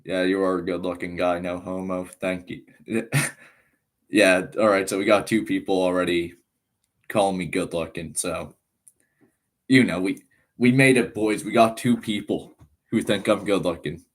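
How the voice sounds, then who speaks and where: A man's voice: low voice, steady tone, moderate pace. A nineteen-year-old man from Ireland with an American-sounding accent, chatting casually on a live stream, reading chat aloud and rambling with lots of fillers. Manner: laid-back, rambling, reads chat aloud, frequent laughs and fillers.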